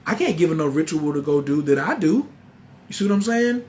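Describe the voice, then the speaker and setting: A man, telling a story in a casual, animated way and acting out the quoted voices. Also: on the high side, a little fast. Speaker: spiritual teacher.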